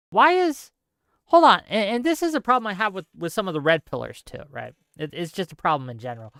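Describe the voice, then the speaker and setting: A man's voice: a little high, a bit bright, clear, resonant tone, no echo, clean studio sound. A man hosting a political commentary livestream. He talks in an impassioned way, repeats himself for emphasis and keeps checking in with listeners by asking "right?". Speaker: livestream host.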